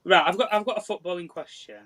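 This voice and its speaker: A man's voice: high-pitched, quick pace, bright, forceful tone. A man on a football watchalong, teasing the others and throwing in a quiz question. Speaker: watchalong guest. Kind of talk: casual football banter.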